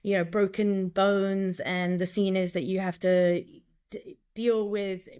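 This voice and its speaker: A woman director and acting coach chats in a casual interview. She talks in an animated way and restarts her sentences often. She acts out lines and quotes as she goes, in a mid-range voice. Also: medium pitch, takes it slowly, clear, resonant tone.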